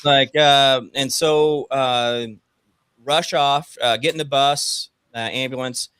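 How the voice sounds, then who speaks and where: A man's voice: mid-range voice, takes it slowly, smooth, no echo, clean studio sound. A man co-hosting a casual morning talk show, telling a long personal story and acting out the people in it. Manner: animated storyteller, acts out quotes, swears casually. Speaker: co-host.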